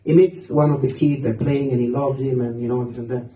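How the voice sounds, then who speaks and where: A man's voice: medium pitch, fairly even intonation, a little fast, dark tone. A man telling humorous stories at a youth seminar, often laughing as he speaks. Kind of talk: humorous storytelling talk. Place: large hall. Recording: roomy hall, distant mic.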